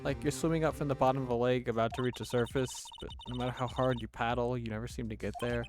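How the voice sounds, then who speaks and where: A man's voice: mid-range voice, fairly even intonation, fast, music in the background, close to an everyday voice. A man voicing a curious young female sidekick in a raised, girlish voice.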